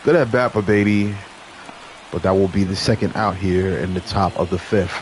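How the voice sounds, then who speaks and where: A young man giving play-by-play commentary over a baseball video game, chatty with viewers and lively on big plays. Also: low-pitched, normal speed, a little hiss or hum. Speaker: gaming channel host.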